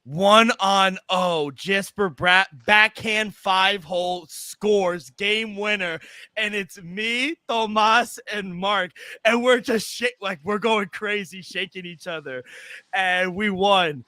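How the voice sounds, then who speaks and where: A man's voice: sits high, takes it slowly, bright, forceful tone, clean tone, dry recording. A man co-hosting a sports betting podcast, telling a rambling, profane story in casual chat. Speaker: podcast co-host.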